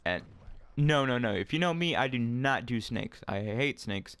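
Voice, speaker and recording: A man's voice: mid-range voice, expressive, moderate pace, fairly bright tone, clean tone, no room sound. A young man casually telling a rambling story, full of fillers and swearing, while playing a game at home. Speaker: storyteller vlogger.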